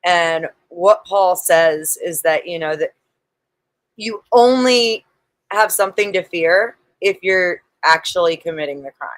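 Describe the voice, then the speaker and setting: A woman's voice: lowish voice, unhurried, dry recording, low-quality recording. A woman on a livestream panel, arguing religion firmly, quoting scripture and swearing now and then. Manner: firm, quotes scripture, swears. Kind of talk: casual religious debate on a livestream.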